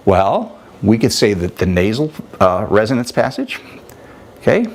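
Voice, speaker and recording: A man explaining singing technique as a vocal coach, his pitch swinging widely as he talks. His delivery is animated and demonstrative, like a teacher in the middle of a lesson. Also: unhurried. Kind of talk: instructional talk with vocal demonstrations.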